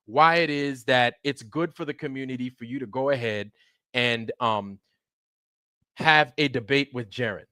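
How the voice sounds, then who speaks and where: A man's voice: medium pitch, animated, a little slow, bright, forceful tone, dry recording, clean studio sound. A man hosting a livestream, ranting sarcastically with heavy swearing and greeting viewers in chat by name. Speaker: livestream host.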